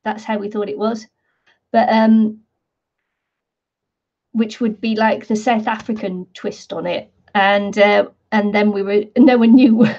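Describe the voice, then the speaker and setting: A woman's voice: mid-range voice, dark tone, highs cut off. A British woman chatting casually while crafting, rambling and laughing often at her own stories. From Britain. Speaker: craft vlogger.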